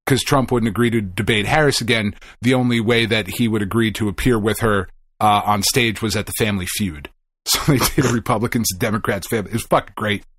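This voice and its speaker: A middle-aged man co-hosting a podcast, telling a story in a casual, animated way, swearing often and acting out the people he quotes. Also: lowish voice. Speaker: podcast co-host.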